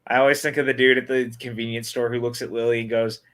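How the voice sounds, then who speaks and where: A man's voice: mid-range voice, flat delivery, quick pace, fairly bright tone. A man co-hosting a casual movie watch-along, chatting enthusiastically about the film. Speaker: podcast co-host.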